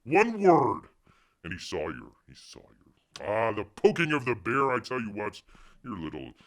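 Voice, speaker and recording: Low gravelly voiced, lively male streamer. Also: normal speed. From Florida, USA. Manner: rambling, jokey, refers to himself in third person. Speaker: live stream host. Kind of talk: casual live stream chat.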